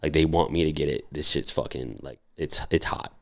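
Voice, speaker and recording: Telling casual stories full of profanity, this man in his twenties brings the characters to life by animatedly performing their voices. He speaks briskly in a very deep, creaky voice.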